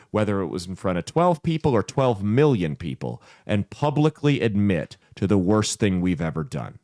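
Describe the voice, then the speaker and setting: A male podcast host rants in a blunt, sarcastic, profane way. His pitch swings widely, rising and dropping for emphasis. The recording is dry and close. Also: no echo. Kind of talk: comedic commentary rant.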